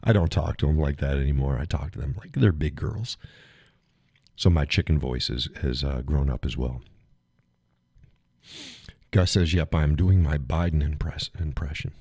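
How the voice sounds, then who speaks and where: A man with a low, husky voice chats casually on his live stream. He rambles in a folksy way and chuckles often, and his voice sounds close and dry with no room echo. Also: normal speed, long pauses, mellow. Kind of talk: casual chat with chat viewers.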